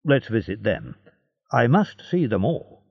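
Man reading dismissive male prison official, bored, lively swings. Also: lowish voice, measured pace, creaky, slightly rough, no room sound, dull audio, heavily acted.

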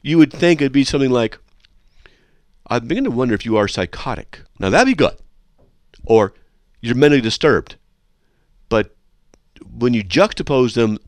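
A male talk radio host with a fairly low voice that swoops up and down with great animation. He lectures in a sarcastic, mocking tone. He is recorded dry and close in a studio. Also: no echo. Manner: sarcastic, lecturing, reads listener emails aloud. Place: radio studio with a control room window.

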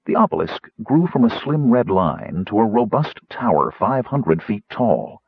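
A man narrating an audiobook with expressive storytelling. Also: on the low side, unhurried, slightly rough, no room sound. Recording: slightly muffled recording.

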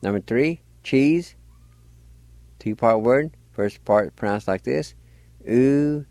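A man's voice: lowish voice, animated, slow pace, darkish tone, dry recording. A man teaching a language lesson on the radio, patiently spelling words letter by letter and sounding them out.

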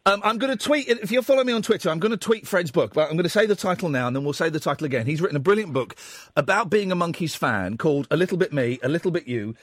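A British radio host, talking to listeners in a chatty, excitable way. His voice sits high and swoops up and down as he talks. The studio sound is dry and close. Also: quick pace, no room sound. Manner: chatty, excitable, laughs loudly. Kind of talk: casual radio chat.

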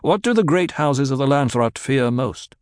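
A man plays an imperious young duke heir who talks down to his elders in a forceful, cold voice. The audiobook sound is dry and close, with no room around it. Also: mid-range voice, lively intonation, moderate pace, no echo, voice pushed up, lightly acted. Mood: commanding.

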